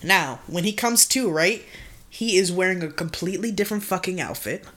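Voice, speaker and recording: A woman with a somewhat low voice co-hosts a podcast, spinning a story in loose, slangy talk. She swears constantly and keeps the telling lively and animated. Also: normal speed. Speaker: podcast co-host. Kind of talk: casual storytelling chat.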